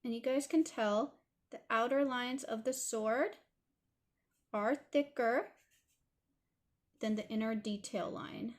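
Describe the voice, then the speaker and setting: Canadian woman, Toronto accent, slightly high voice, chatty art-tutorial host talking while she draws. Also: slow, pauses often. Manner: chatty, apologetic asides while working. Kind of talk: casual drawing tutorial narration.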